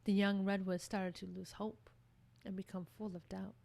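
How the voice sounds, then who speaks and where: A woman reads a storybook aloud in an expressive, measured way. Her voice sits at a middle pitch for a woman. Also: vocal fry. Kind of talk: storybook reading.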